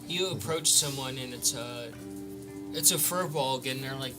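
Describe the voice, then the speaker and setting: A man's voice: mid-range voice, unhurried. A man narrating as game master, playful and laughing often. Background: background music.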